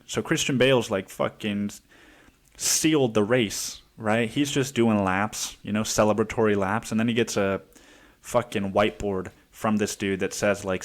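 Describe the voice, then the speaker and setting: A man hosting a podcast in a casual, rambling monologue full of curses, fillers and restarts. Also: lowish voice. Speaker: podcast host.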